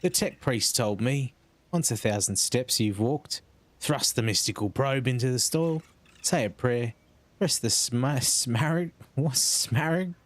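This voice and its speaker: A man's voice: medium pitch, normal speed, lightly acted. A man voicing a sniveling, humble old peasant scout in a rustic put-on accent, reading game dialogue aloud. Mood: fawning. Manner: rustic dropped-letter accent voice, fawning.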